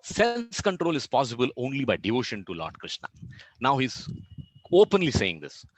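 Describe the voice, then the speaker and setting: A man's voice: mid-range voice, huge pitch swings, moderate pace, dry recording, rough recording. A man teaching a devotional scripture lesson, explaining verses and telling stories. He asks questions and then answers them, using Sanskrit terms.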